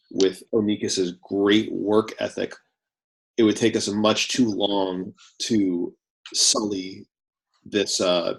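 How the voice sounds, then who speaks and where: A man with a lowish voice speaking in character during a tabletop game. His tone is earnest and careful, weighing risks before he acts. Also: vocal fry. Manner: earnest, cautious. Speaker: player.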